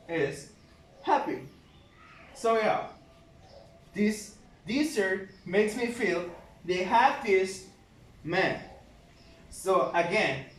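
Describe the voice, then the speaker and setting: A man teaching an English grammar lesson, slow and patient, spelling out letters one by one. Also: high voice. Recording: echoey room, mic at a distance.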